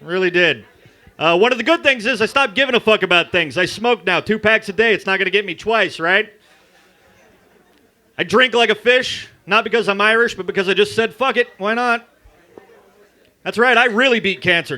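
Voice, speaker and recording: A man doing a crude, loud stand-up comedy set at an open mic in a bar. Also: high-pitched, a little fast. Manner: crude, loud, jokey storytelling. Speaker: stand-up comic.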